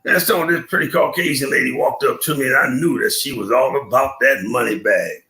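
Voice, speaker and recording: An older man hosting a live stream, chatting in slang, telling a comic story and giving shout-outs to his viewers. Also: mid-range voice, fairly quick, roomy sound. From Buffalo, New York.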